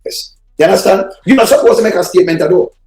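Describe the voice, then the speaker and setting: Fast, high-voiced ranting Jamaican man. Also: creaky, a little mellow, reverberant, faint music behind. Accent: Jamaican Patois. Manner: ranting, insulting and swearing. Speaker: host of a reaction show. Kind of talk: heated commentary on played clips.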